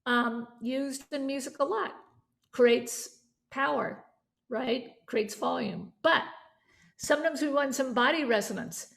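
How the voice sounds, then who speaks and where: A woman teaching a vocal yoga certification class, chatty and animated, breaking off to demonstrate voices and resonance. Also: high voice, slow pace, vocal fry.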